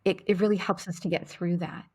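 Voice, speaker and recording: A woman's voice: on the low side, steady tone, brisk, a little mellow, husky. A woman hosting a podcast interview over a video call, gushing and upbeat as she asks her guest questions. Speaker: podcast host. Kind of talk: enthusiastic interview chat.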